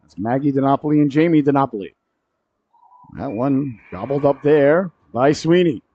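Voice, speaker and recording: A man calling a high school hockey game play-by-play, cracking jokes between plays and shouting on goals. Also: normal speed. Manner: jokey asides, rises sharply to shouts on goals. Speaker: play-by-play commentator. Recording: dry, dull lo-fi broadcast audio.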